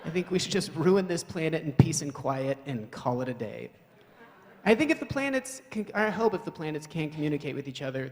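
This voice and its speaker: A man doing live stand-up comedy in a wry, rambling, self-mocking way, at a live event hall. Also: on the high side.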